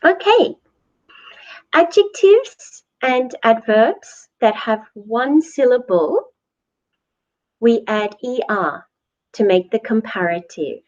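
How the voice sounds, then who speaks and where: A woman teaching English grammar, speaking very slowly and deliberately so learners can follow. Her voice is lively and rises and falls a lot on each example word. The recording sounds dull and lo-fi. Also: on the high side. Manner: slow, deliberate, repeats words for learners. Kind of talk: slow grammar lesson.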